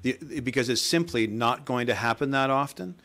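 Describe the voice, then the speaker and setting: A man's voice: mid-range voice, normal speed, a bit bright. Assertive man in council debate. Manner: assertive, argues a point with repeated quotes. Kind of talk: council meeting discussion.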